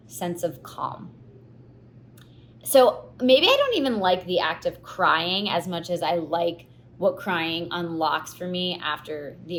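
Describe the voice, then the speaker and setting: A young woman hosting a podcast, telling personal stories in an expressive, confessional way. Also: fairly low pitch. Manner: expressive, confessional, animated storytelling. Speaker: podcast host. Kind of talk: candid personal monologue.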